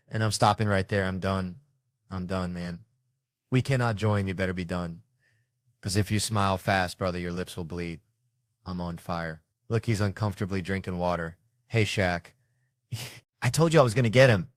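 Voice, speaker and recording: A man telling comic stories with lots of swearing, jumping between loud punchlines and muttered asides. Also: normal speed, dry recording, studio quality. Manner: animated, profane, jumps between loud punchlines and low asides. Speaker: comedian. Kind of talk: stand-up and panel comedy storytelling.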